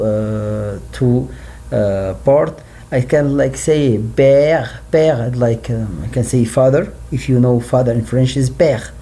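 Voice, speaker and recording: Man teaching french, slow and dark-toned, repeats words, faint hiss behind. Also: medium pitch. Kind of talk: classroom language lesson.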